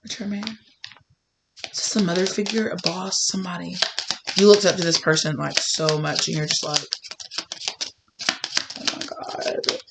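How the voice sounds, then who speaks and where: A young woman giving a casual tarot reading, rambling and acting out imagined conversations with gasps and hushed asides. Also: on the low side, steady tone, moderate pace, vocal fry, very noisy. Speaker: tarot reader.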